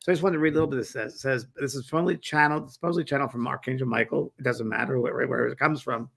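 A man's voice: medium pitch, fairly even intonation, racing, gravelly, fairly bright tone, slightly rough. A man hosting a casual chat, earnest and conversational, sometimes reading aloud. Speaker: host, medium.

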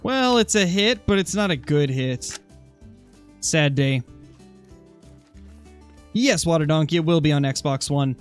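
A man's voice: on the high side, expressive, measured pace, pauses often, clear, resonant tone. Chatty streamer man with music behind. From Oregon, USA. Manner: chatty, answers chat comments while hunting. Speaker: gaming streamer. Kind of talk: casual live-stream commentary.

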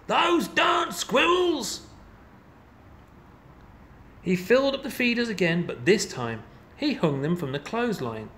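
A man reading a children's picture book aloud in an expressive, playful storytelling manner. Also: fairly high pitch, slight background noise. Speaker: storybook reader.

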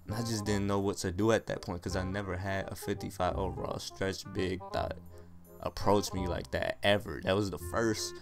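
A young man, a gaming YouTuber, telling a rambling, slangy comic story over gameplay. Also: low voice.

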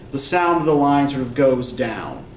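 A man's voice: mid-range voice, big pitch swings, unhurried. A male college English instructor giving a classroom lecture, explaining step by step and checking in with "right?". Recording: echoey classroom from far off, faint noise.

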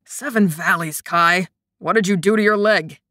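A woman's voice: on the low side, normal speed, pushed and bright, no echo, studio quality. A woman voicing a jovial, good-humored older man with a hearty delivery.

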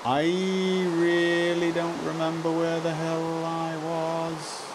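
A man streaming live gameplay, muttering to himself, repeating lines and breaking into excited outbursts. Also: a little high, slow, background noise.

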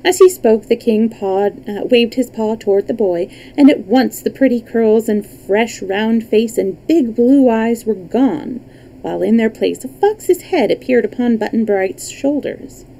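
A woman reading a children's book aloud on a livestream, lively, with small slips and restarts. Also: a little high, unhurried, vocal fry, slight background noise, poor audio. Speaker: storyteller.

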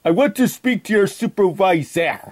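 A man playing a stubborn, fussy French immigrant on a prank call, with an exaggerated put-on French accent and deadpan repeated demands. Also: high-pitched, moderate pace. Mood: insistent. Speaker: prank caller.

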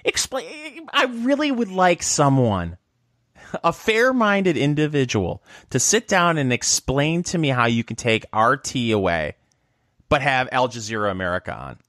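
A man's voice: medium pitch, big pitch swings, unhurried, a bit bright, dry recording, clean studio sound. A man co-hosting a podcast, joking and quizzing his co-host about politics in casual chat.

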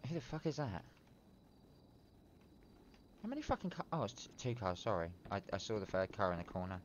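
A man's voice: deep voice, animated, fast talker, dull audio, a little hiss or hum. A British man streaming a crime role-play, talking casually and bluntly with lots of swearing. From Britain. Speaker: streamer playing a criminal. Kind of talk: in-character game role-play.

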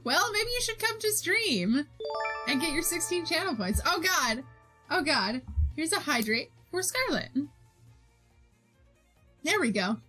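A young woman with a high, bright voice chats with her stream viewers while she draws, giggling often as she reads their messages aloud. She speaks at an unhurried pace, with soft music playing faintly behind her. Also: sing-song. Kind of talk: casual chat while drawing.

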